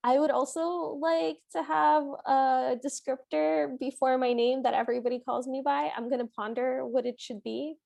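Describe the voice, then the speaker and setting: High-voiced woman co-host, giggly and playful, dry close mic. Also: steady tone, moderate pace, creaky, hardly any pauses, a little mellow, no room sound. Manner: giggly, playful, reads out scenes. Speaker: podcast co-host. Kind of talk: casual film recap chat.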